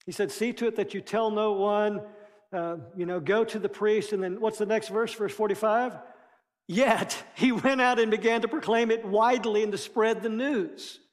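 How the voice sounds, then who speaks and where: Pastor guy preaching, high voice, lots of echo from a big room, gets playful. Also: fairly even intonation, normal speed. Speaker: lead pastor. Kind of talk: sermon.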